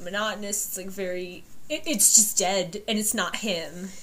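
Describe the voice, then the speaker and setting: A woman's voice: mid-range voice, steady tone, moderate pace, a bit bright. A woman co-hosting a casual book podcast, chatty and blunt, swearing casually as she chimes in. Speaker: podcast co-host.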